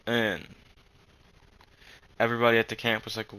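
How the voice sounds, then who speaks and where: A young man telling a rambling story in casual chat, halting with many fillers and frequent swearing. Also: medium pitch, level tone, bright, forceful tone, rough recording.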